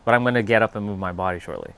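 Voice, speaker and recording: A man's voice: lowish voice, racing, a bit bright, smooth. A man hosting a casual livestream, chatting loosely with viewers, joking and swearing as he reads the chat aloud. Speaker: livestream host.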